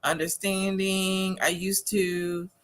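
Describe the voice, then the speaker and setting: A woman's voice: medium pitch, little pitch movement, slow pace. A woman from Wisconsin hosting a casual TV recap show, reading viewer comments aloud, chatty and opinionated, laughing often. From Wisconsin, USA.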